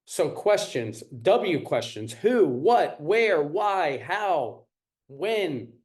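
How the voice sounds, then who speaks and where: A male parenting coach leads a live class in a fairly high voice that swings widely in pitch. He talks slowly and deliberately, repeating key points and checking in with his listeners. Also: very animated, darkish tone.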